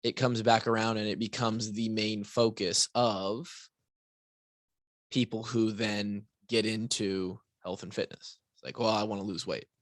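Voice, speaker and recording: A man's voice: lowish voice, little pitch movement, measured pace, dry recording. A man hosting a fitness podcast alone, talking casually with restarts, asides and frequent "right?", a bit tired. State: tired, yawning. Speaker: podcast host and fitness coach. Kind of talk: casual solo podcast talk.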